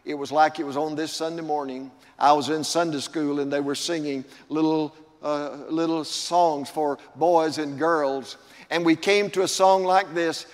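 A man's voice: fairly high pitch, fairly even intonation, measured pace. An older man preaching a sermon as pastor, drawing out key words and building emphasis. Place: church sanctuary. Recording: long church reverb.

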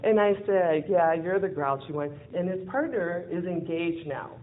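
Woman telling a lively story, tinny audio. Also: fairly low pitch, moderate pace. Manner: animated, acts out quoted dialogue, laughs often. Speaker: event speaker. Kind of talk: personal storytelling talk. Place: event venue in front of an audience. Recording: tinny phone-like lo-fi audio with faint hiss.

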